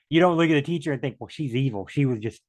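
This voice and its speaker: A man's voice: medium pitch, fast talker, a little mellow. A man teaching a casual bible study from home, rambling and acting out little back-and-forth dialogues.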